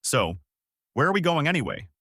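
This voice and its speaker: A man putting on a timid young cabin boy with a high, shrill voice that swings wildly. He sounds jumpy and nervous in a dry, close recording. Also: very animated, normal speed, pushed and bright, dry recording, heavily acted.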